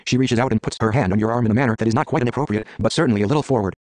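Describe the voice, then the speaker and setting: A man's voice: mid-range voice, very fast, a little mellow, no room sound. A man reading an interactive story game aloud, stumbling, restarting, and muttering menu words between lines.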